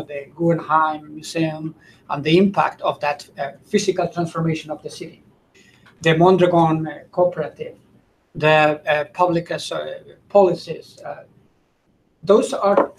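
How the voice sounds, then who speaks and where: A man giving a conference presentation, often pausing to search for his words. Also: fairly high pitch, a little hiss or hum, low-quality recording. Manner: halting, searching for words mid-sentence.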